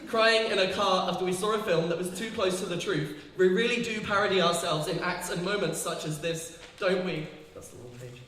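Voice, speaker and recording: A woman's voice: on the low side, a little fast, hardly any pauses, a bit bright, far from the mic. A young woman, performing her poems live at a gallery poetry night and chatting hesitantly between them, full of fillers. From England. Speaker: poet. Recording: echoey gallery with long reverb.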